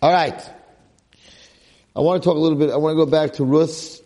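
A man giving an informal, animated Torah class to a group, talking casually and dropping in Hebrew and Yiddish terms. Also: a little high, a little fast. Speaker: Torah lecturer.

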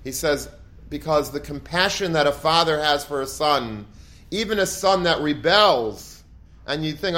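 A man's voice: a little high, a little slow, sharp tone. A man giving an earnest, emotive Torah talk in a storytelling manner, often restarting phrases and using Hebrew and Yiddish terms. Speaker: Torah teacher.

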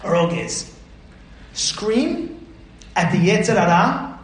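Fiery, high-voiced rabbi in an echoey room. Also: male voice, lively intonation, normal speed, pauses often. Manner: fiery, bursts into shouts, acts out stories. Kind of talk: sermon on the weekly Torah portion.

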